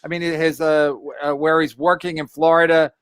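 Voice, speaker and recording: A man's voice: fairly high pitch, level tone, normal speed, fairly bright tone, clean tone, dry recording. A man hosting a podcast, badgering and profane in heated banter, reading out listener comments. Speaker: podcast host.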